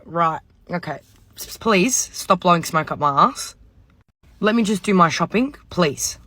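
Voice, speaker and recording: Storyteller, ranting, bright close dry voice, swears freely. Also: mid-range voice, expressive, unhurried, no echo. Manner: exasperated, swearing, mimics others. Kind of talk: casual storytime rant.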